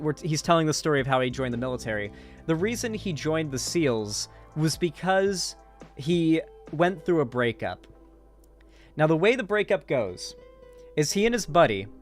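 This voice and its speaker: A man giving casual, sarcastic commentary, profane and full of fillers and restarts. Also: on the high side. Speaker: online commentator. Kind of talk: casual political commentary, recapping a movie.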